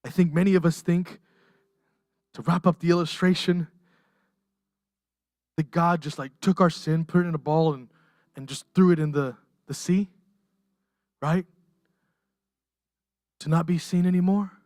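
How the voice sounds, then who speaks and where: A pastor delivering a livestreamed sermon, impassioned and emotional, rising to near-shouts and dropping to hushed softness. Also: mid-range voice, steady tone, measured pace, pauses often, no room sound, studio quality. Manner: impassioned, swings from raised intensity to hushed softness. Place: church.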